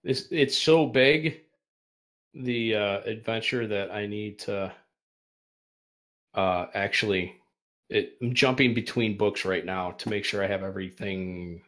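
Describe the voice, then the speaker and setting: A man running a tabletop game as game master, talking in halting bursts with many fillers and restarts. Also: on the low side, fairly bright tone.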